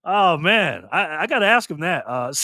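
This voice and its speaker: A man's voice: high-pitched, bright, forceful tone, no echo, studio quality. A man hosting a casual live stream, chatting loosely with viewers and laughing easily. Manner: laid-back, chatty, laughs often, greets viewers.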